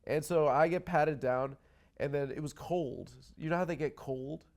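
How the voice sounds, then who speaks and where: A man's voice: a little high, normal speed, vocal fry, a little mellow. A man hosting a comedy talk show, telling a rambling self-deprecating story and swearing freely. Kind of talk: casual comedic chat.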